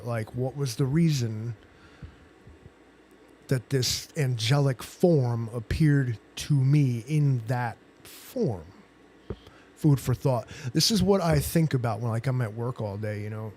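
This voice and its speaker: A man's voice: medium pitch, slow, dark tone, slight background noise. A man hosting a casual livestream chat, rambling and joking with plenty of swearing. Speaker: livestream host.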